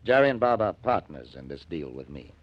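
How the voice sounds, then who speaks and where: A raspy, tough crooked fence. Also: male voice, low voice, sing-song, a little fast, dry recording. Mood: gruff. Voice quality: raspy, slangy. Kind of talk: 1940s radio acting. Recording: dull, dry old radio recording.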